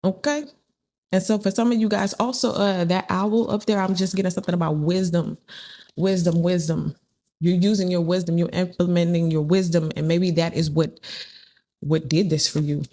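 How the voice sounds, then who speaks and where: With a lowish, mellow voice, she keeps a fairly even intonation and a moderate pace. She's a tarot reader giving an informal spiritual reading, chatting, repeating herself, and acting out the people in her stories.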